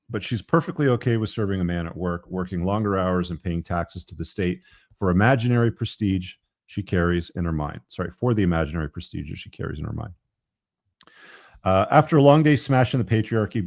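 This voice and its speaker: A man's voice: low-pitched, a little mellow, no echo, studio quality. A man hosting a live podcast show, reading from his book with wry, tongue-in-cheek asides and lots of fillers. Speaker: podcast host.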